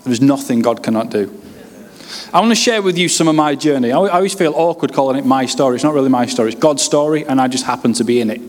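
A man in his late thirties from West Yorkshire, with a Yorkshire accent, preaching his personal testimony with humorous, lively storytelling. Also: mid-range voice, fast. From West Yorkshire, England. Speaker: pastor. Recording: reverberant hall.

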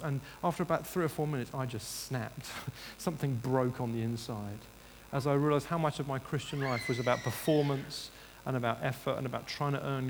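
A man's voice: medium pitch, a little hiss or hum. A man preaching a sermon in earnest, rising to emphatic bursts and restarting his sentences. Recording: reverberant hall, faint ambience.

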